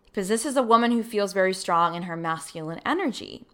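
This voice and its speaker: A woman hosting a solo podcast, telling a personal story in a casual, animated way and acting out her own thoughts. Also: mid-range voice, quick pace. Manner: animated, acts out her own past thoughts, laughs easily. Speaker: podcast host.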